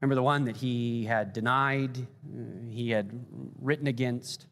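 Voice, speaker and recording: A man's voice: mid-range voice, steady tone, a little slow, fairly bright tone, long reverb tail. A man preaching a sermon as a pastor, talking earnestly with frequent fillers and building intensity.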